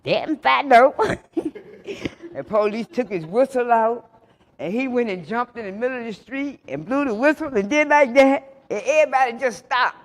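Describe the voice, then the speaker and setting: Middle-aged guy, high voice, telling funny stories in an echoey hall, does all the voices himself. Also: a little fast. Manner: animated storyteller acting out both sides of the dialogue; colloquial, laughing through his stories. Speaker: recovery speaker. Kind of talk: storytelling talk to a live audience.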